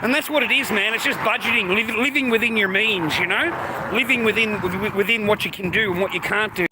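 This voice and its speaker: A high-voiced Australian man rambles to his viewers, swearing often and dropping mate and bro into every sentence. He is recorded outside by a street, and traffic noise runs clearly under his voice. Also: a little fast. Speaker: streamer. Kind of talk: casual rambling talk to viewers.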